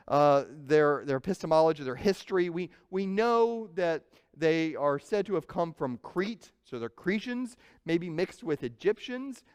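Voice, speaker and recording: A man preaching in a church, his voice high and smooth. He tells the story with animated energy and slips into the panicked voices of the crowds. The sanctuary carries a long reverb behind every word. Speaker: pastor. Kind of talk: sermon.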